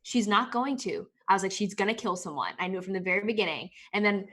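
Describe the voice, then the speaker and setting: A woman's voice: mid-range voice, rapid-fire, a bit bright. A woman co-hosting a casual show recap, chatty and quoting her own reactions. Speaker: podcast co-host.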